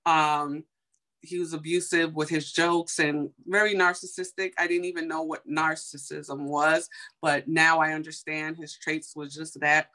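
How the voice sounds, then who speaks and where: A young woman from Chicago telling a personal story in a casual, animated way, full of fillers and acted-out quotes. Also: deep voice, measured pace. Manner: animated, heavy on fillers, acts out quoted dialogue.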